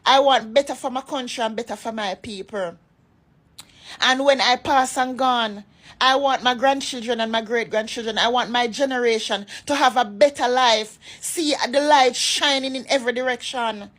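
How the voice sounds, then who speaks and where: A woman from Jamaica speaks with a high-pitched voice. Her Jamaican accent keeps sliding into raw patois as she rants. She sounds impassioned and emphatic, scolding the people who criticize her. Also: moderate pace, a bit bright. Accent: Jamaican, shifting into patois. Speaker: vlogger. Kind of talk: political rant to followers.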